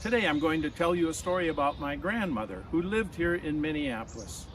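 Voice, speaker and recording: A man with a slightly high voice tells a friendly story outdoors in a backyard. Faint traffic and street sounds hum in the background of the recording. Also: animated, a little fast. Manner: friendly, leads a clap-along. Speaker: storyteller and folk musician. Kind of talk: storytelling to children.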